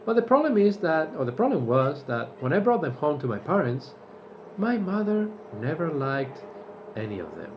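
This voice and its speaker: A man's voice: a little high, sing-song, normal speed, background noise, pitched above the performer's own voice. A man doing sheepish single guy Fred.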